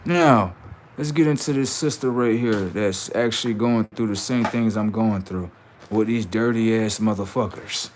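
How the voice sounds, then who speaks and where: A man's voice: on the low side, normal speed, slight background noise. A man hosting a livestream, ranting in a profane, mocking and repetitive way while reacting to videos. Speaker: livestream host.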